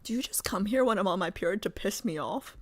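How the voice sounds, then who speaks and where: A woman's voice: medium pitch, animated, quick pace. A young woman hosting a livestream, chatting casually with viewers in a rambling, filler-heavy way. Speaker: livestream host. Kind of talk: casual chat with live viewers.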